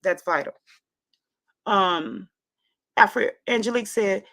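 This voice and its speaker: Woman livestream host, affirming and repetitive as she reads out viewer comments. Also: mid-range voice. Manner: warm, affirming, repeats phrases, drawn-out reading of comments. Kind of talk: casual livestream chat.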